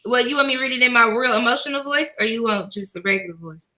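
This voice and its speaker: Woman host, casual chatter, high-pitched and bright, emotional and laughing. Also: expressive, quick pace, low-quality recording. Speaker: YouTube host. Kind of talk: casual chat.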